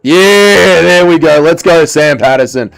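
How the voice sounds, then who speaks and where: A young man live-streaming, chatting casually and excitably while he plays, swearing and reading chat aloud. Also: on the high side, measured pace, vocal fry, soft background music. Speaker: livestreamer.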